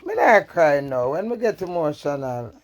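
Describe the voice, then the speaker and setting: A woman's voice: low-pitched, very animated, moderate pace. A woman with a Jamaican accent, talking bluntly and profanely in a candid live-stream rant, swinging between defiance and emotion. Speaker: social media personality.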